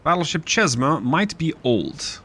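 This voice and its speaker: A man's voice: on the high side, very animated, a little slow, a bit bright, a little hiss or hum. A man hosting a gaming channel, casually commenting on a naval strategy game while thinking aloud with dry, wry asides.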